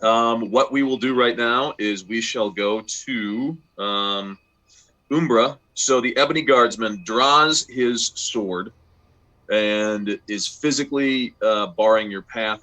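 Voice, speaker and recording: A man's voice: fairly low pitch, bright, forceful tone, rough recording. A man running an online tabletop game who rambles along with lots of fillers. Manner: rambling, many fillers, laughs easily. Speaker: game master.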